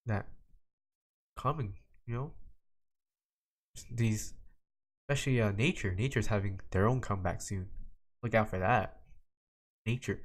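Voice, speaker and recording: A teenage young man hosting a solo podcast, rambling casually from topic to topic with lots of restarts and "like"s. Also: on the low side. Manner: rambling, jumps between topics, many restarts and "like"s. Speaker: podcast host.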